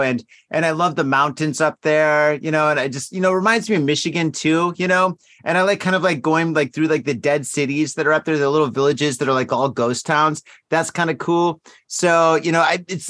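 Tipsy rambling podcast host, dry mic. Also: male voice, fairly high pitch, no room sound. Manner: rambling, filler-heavy, tipsy and relaxed. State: tired and a little drunk. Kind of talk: casual late-night podcast chat.

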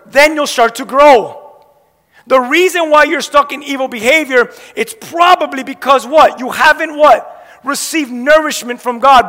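In a church sanctuary with long hall reverb, a pastor preaches in an extremely high, pushed, bright voice. He fires questions at the congregation and waits for their answers in emphatic call-and-response style.

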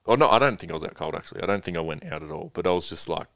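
A man's voice: deep voice, expressive, very fast, fairly bright tone, dry recording, clean studio sound. A young man casually telling a long rambling story as a guest, swearing freely.

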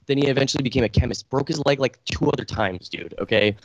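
A man's voice: mid-range voice, quick pace, breathy edge, no room sound, muffled recording. A young man telling a long story in casual chat, rambling, with lots of filler words.

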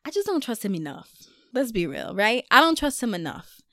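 A young adult woman vlogging in a casual confessional chat, animated and self-deprecating, and laughing often at herself. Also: on the high side, brisk, dry recording, studio quality.

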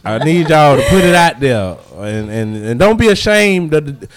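Dude cohosting a podcast, crude teasing, dry close mic sound. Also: male voice, a little high, very animated, moderate pace, no room sound. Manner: crude, teasing, trailing mumbles. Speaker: podcast co-host. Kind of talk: casual podcast banter.

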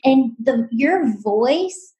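A woman's voice: sits high, lively intonation, extremely slow, warm tone, poor audio. A woman hosting a spiritual podcast, gushing with earnest praise for her guest. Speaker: podcast host.

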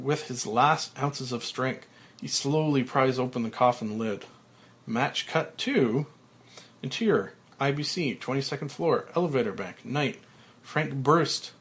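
A podcaster reading a screenplay's stage directions aloud in a slow, flat manner. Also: male voice, medium pitch.

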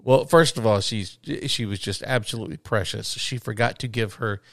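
A man's voice: lowish voice, normal speed, no room sound, clean studio sound. A middle-aged man co-hosting a casual chat, telling stories with laughter. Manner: animated storyteller, laughs while talking. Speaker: podcast co-host.

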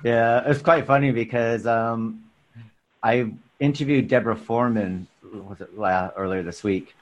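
A man co-hosting a podcast in casual chat, chatty and quick to laugh. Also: mid-range voice, muffled recording. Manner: lively, laughs easily, chatty. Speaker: podcast co-host.

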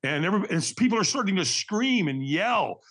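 A man telling a personal story as a podcast guest, energetic and vivid, acting out what others said. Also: high voice, a little fast, slightly rough. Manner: energetic, acts out quoted voices, frequent restarts. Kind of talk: animated storytelling.

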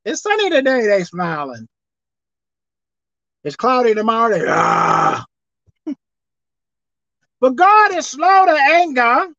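High, lively woman pastor preaching. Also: slow, long pauses, no echo. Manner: preaching with dramatic swings from soft to shouted. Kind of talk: sermon. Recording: dull dry sound.

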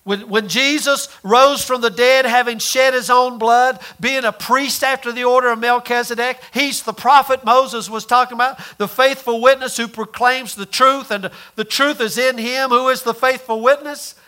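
A man preaching a sermon in a folksy way, full of rhetorical questions and repeated words, rising loud and dropping soft. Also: very high voice, steady tone, moderate pace, few pauses.

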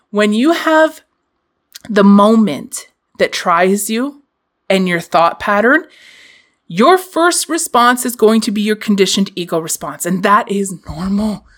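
A woman's voice: medium pitch, fairly bright tone. A woman hosting a podcast, giving a candid, casual motivational talk and swearing freely. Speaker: podcast host.

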